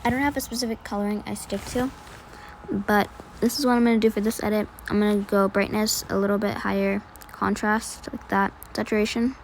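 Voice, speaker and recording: A woman's voice: mid-range voice, fairly even intonation, a little fast, a little hiss or hum, low-quality recording. A young woman, chatty and self-deprecating, narrating an editing tutorial over her screen. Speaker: video editing tutorial creator.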